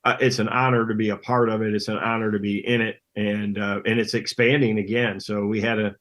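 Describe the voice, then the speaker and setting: Low-voiced, plain-spoken middle-aged guest, man. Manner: relaxed, plain-spoken, halting restarts. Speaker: guest, pro angler. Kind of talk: casual interview chat.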